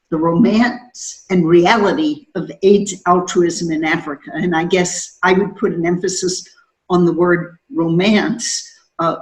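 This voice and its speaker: A woman in her sixties, a sociology professor, giving thoughtful, measured answers as a guest. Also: on the low side, low-quality recording. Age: 60s. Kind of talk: interview answers.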